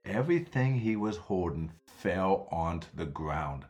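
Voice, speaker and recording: A man narrating a children's story in an animated, dramatic way. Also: low voice, a little slow.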